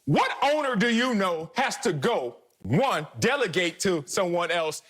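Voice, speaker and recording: A man's voice: big pitch swings, measured pace, hardly any pauses, a bit bright, slightly rough. A middle-aged man co-hosting a sports talk show, arguing emphatically and playfully. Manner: emphatic, playful, swoops high and low. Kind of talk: animated sports debate.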